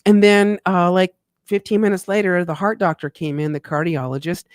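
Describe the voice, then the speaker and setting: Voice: medium pitch, normal speed, dry recording, studio quality. A tax consultant hosting a live talk show, chatting playfully and affectionately with viewers. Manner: animated, swings in loudness and speed. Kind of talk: casual livestream monologue.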